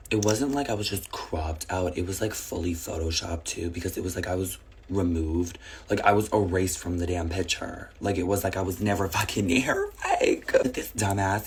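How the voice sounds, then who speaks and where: A young woman with a raspy, sick-sounding voice, telling a casual storytime with blunt, swearing asides. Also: extremely low pitch, a little hiss or hum.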